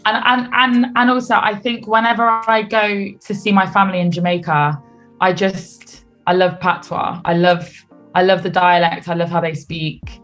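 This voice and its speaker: A young woman with a British accent speaks in a fairly low voice, relaxed and chatty, as a guest in a radio interview. Faint music plays softly behind her. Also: normal speed. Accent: British English. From United Kingdom. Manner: relaxed, chatty, laughs easily. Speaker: singer guest.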